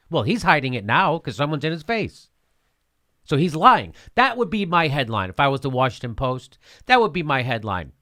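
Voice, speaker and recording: A man's voice: on the high side, fairly bright tone. A man hosting a show, giving heated political commentary, indignant and sarcastic, repeating his points with profanity. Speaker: host.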